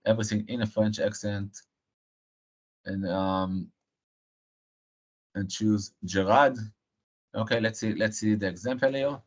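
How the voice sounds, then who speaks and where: A man presenting a live technical software demo, halting and filling pauses with frequent uh and um. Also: lowish voice. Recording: dull lo-fi stream audio.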